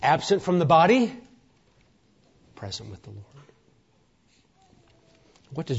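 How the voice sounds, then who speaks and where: A man preaching a sermon, emphatic and rousing, sometimes dropping to a hushed near-whisper. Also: on the high side, big pitch swings, slow, creaky, pauses often, breathy edge, muffled recording. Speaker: pastor.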